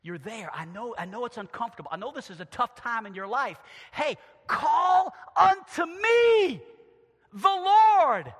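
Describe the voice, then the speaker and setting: A middle-aged man preaching a sermon as pastor in a church, moving from quiet, intimate asides to loud, shouted emphasis. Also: a little high. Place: church sanctuary. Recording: long church reverb.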